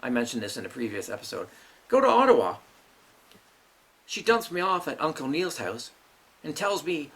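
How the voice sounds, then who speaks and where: A man's voice: on the high side, very animated, normal speed, creaky, long pauses, fairly bright tone. A middle-aged man hosting his own show, ranting bitterly about his family with heavy swearing. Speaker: vlog host. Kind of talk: angry personal monologue.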